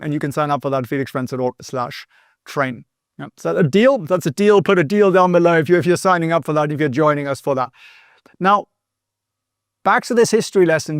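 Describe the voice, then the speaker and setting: A man's voice: fairly high pitch, no room sound, clean studio sound. A man hosting an explanatory history lesson in a chatty way, with joking asides and frequent tag questions. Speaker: host.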